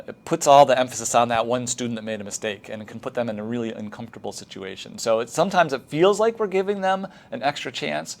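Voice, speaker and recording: Middle-aged male lecturer, mid-pitched voice, relaxed and explanatory, filler-heavy teacher-training talk.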